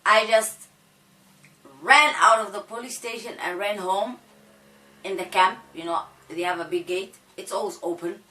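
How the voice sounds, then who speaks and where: A young woman telling a painful personal story in a halting way, repeating phrases as her voice breaks. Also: medium pitch, sharp tone. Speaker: vlogger. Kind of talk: emotional storytime monologue. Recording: echoey room, voice a bit far from mic.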